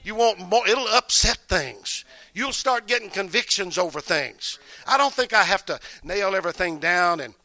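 A man preaching a sermon as a bishop, fervent and full of amens, at times dropping to a soft, intimate reading of scripture. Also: high voice, expressive, moderate pace, no room sound.

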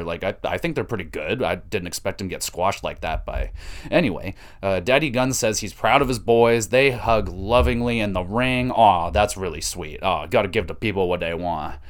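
Male podcast host, lower voice, profane and excitable, rambling recap. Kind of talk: casual wrestling recap.

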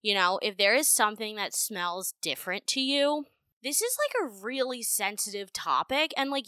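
A young woman hosting a podcast, telling a story in a blunt, profane, animated way. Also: mid-range voice, no echo. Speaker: podcast host. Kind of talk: casual storytelling monologue.

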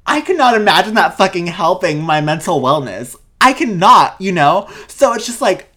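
Young woman, lowish voice, emphatic, swears a lot, casual podcast chat. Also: big pitch swings, moderate pace, fairly bright tone. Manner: emphatic, heated, swears freely.

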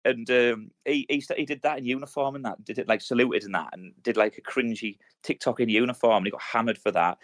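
A man in his thirties tells rambling army stories at a rapid clip, thick with slang and swearing. His voice sits at an ordinary pitch and is recorded close and dry, with no room sound. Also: fairly bright tone, dry recording. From United Kingdom. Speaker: podcast co-host. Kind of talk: casual chat.

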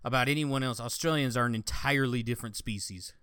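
A man co-hosting a podcast in casual chat, an animated storyteller who swears freely. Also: medium pitch, quick pace, clean tone, dry recording, clean studio sound. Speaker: podcast co-host.

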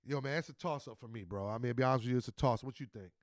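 A man hosting a casual podcast chat, an animated and profane storyteller. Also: mid-range voice, rapid-fire, no echo, clean studio sound. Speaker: podcast host.

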